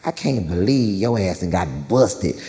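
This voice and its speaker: Guy putting on his loud cussing streetwise dad, low voice, big reverby stage. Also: lively intonation, a little slow, heavy background noise. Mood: brash. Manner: loud, cussing, slangy, swaggering. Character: brash, profane streetwise father, middle-aged man.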